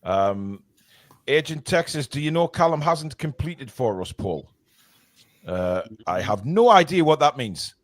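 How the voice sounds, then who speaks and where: A man's voice: mid-range voice, big pitch swings, measured pace, no room sound. A man hosting a casual fan podcast, rambling and laughing as he reads out viewer comments. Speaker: host of a fan forum show.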